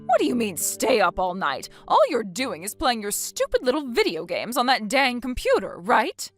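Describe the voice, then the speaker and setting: A woman's voice: on the high side, wildly swooping pitch, normal speed, faint music behind. A woman voicing a scolding, bossy mother-in-law. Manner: scolding, belittling. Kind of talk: text-story dramatization.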